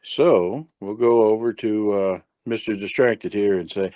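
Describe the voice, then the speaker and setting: A man playing a tabletop role-playing game, talking quickly and casually at the table. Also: on the low side, fairly even intonation, mellow, dry recording. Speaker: player. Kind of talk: tabletop role-play banter.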